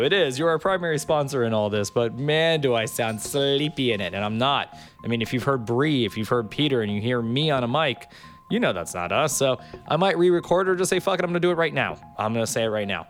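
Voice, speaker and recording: A man's voice: medium pitch, expressive, brisk, soft background music. Rambling podcast host, casual man. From Miami Beach, Florida. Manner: rambling, loose and joking, with filler words. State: a bit under the weather.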